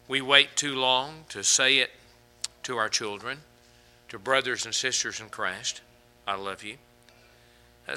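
A man preaching a sermon, asking the congregation rhetorical questions and telling humorous stories, often building to fervent, louder passages. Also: mid-range voice. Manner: humorous anecdotes with fillers.

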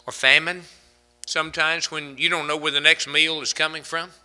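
A male preacher with a very bright, ringing voice, pitched a little high for a man. He swings from loud, emphatic peaks to hushed low phrases, and he stretches out quoted scripture slowly for weight. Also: flat delivery, clear, resonant tone. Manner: quotes scripture in slow, drawn-out delivery. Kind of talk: sermon.

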